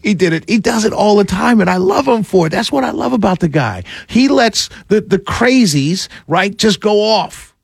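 A man's voice: high voice, lively intonation, moderate pace, vocal fry, hardly any pauses, breathy edge, no room sound, clean studio sound. A man hosting a political talk show, giving opinionated, mocking commentary with frequent laughs. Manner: opinionated, mocking, laughs a lot, does whiny voices.

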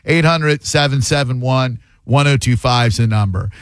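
A man's voice: medium pitch, normal speed, dry recording. A man hosting a call-in radio talk show, blunt and joking as he argues his points. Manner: blunt, animated, jokey. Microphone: studio mic.

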